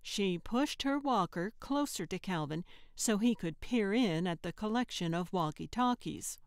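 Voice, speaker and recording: A woman narrating a cozy mystery audiobook in measured, even storytelling on a close studio mic. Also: medium pitch, clear, resonant tone, no room sound. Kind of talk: scripted narration.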